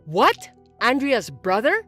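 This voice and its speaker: A woman's voice: a little high, wildly swooping pitch, slow pace, fairly bright tone, faint music behind, exaggerated voice. A woman voicing an older mother-in-law who is domineering and accusing, in a dramatized story reading. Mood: shocked. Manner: indignant, accusing, whiny.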